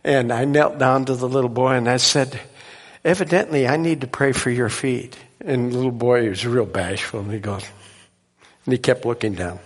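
A man preaching, telling a miracle story in an animated way and laughing at his own tale. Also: mid-range voice, moderate pace, big-room sound. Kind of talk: sermon testimony storytelling.

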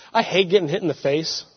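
Young male pastor, lively storytelling sermon, muffled recording. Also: a little high, normal speed, slightly rough. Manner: animated, laughing storytelling with sudden loud outbursts. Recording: muffled sound with long hall reverb.

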